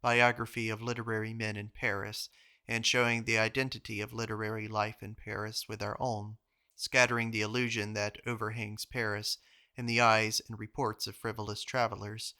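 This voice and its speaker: A man reading old journal entries aloud in a measured, even manner. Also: mid-range voice. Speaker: reader of journals. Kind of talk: audiobook reading.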